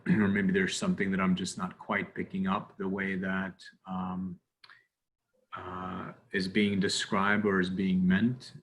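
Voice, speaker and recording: Slow-talking man with a lowish voice who hesitates as he shares in a study group. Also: fairly bright tone. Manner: hesitant, with many ums and uhs. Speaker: group discussion participant. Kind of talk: personal sharing in a spiritual study group.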